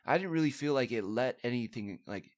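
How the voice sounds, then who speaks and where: A man's voice: medium pitch, lively intonation, brisk. A man co-hosting a casual movie podcast, rambling and breaking off his sentences with many fillers. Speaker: podcast co-host.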